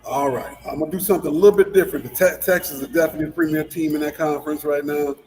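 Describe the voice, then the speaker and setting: Guy rambling about football on a sports talk show, kinda high voice, faint music under it. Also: steady tone, a little mellow, low-quality recording. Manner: rambling, repeats words, halting restarts. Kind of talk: casual sports chat.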